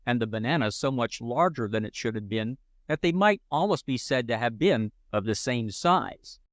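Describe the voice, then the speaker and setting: Reading from a funny children's adventure story, a male audiobook narrator adopts a playful, mock-heroic tone in this scripted narration. His pitch sits in the middle range, and the studio-quality recording has no echo.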